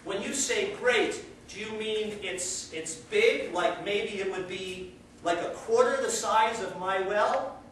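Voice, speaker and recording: A man's voice: high-pitched, slow, a bit bright, a little hiss or hum. A man voicing an anxious small male frog who has never left his well, asking nervous, disbelieving questions. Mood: incredulous. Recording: echoey classroom, heard from far off.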